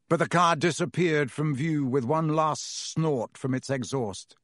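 A man's voice: fairly high pitch, normal speed, few pauses, a bit bright, no room sound, studio quality. Dramatic male audiobook narrator. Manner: vivid, dramatic storytelling delivery. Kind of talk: scripted storybook narration.

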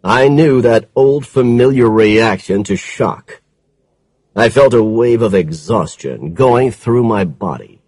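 A man narrating a first-person detective audiobook in a measured, dramatic storytelling manner. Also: mid-range voice, a little mellow, husky, no echo, poor audio.

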